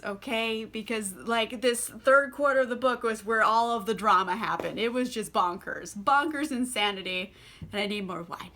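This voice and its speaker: A woman's voice: on the high side, pushed and bright. A young woman vlogging about a book over wine, in a chatty, sarcastic manner full of "like". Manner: chatty and sarcastic, heavy use of "like"; drinking wine while talking. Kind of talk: casual chat.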